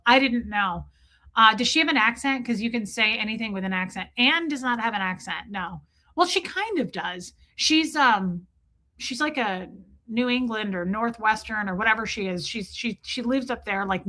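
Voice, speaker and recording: A woman hosting a livestream, telling a wild story to her chat in an animated way, full of "like" and swearing. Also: medium pitch, normal speed. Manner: animated, lots of "like" fillers and cursing. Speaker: livestream host. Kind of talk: casual storytelling to a live chat.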